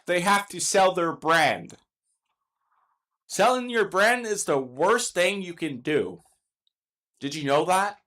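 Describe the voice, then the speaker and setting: A man's voice: high voice, lively intonation, takes it slowly, pauses often, sharp tone. A young man ranting in exasperated, emphatic commentary, swearing now and then as he argues his point. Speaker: streamer giving commentary.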